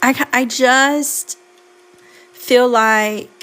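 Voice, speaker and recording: A woman's voice: a little high, fairly even intonation, extremely slow, sharp tone, smooth. A woman teaching a live coloring class, chatting casually with viewers as she works. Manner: chatty, talks to viewers while working. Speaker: art teacher on a live stream.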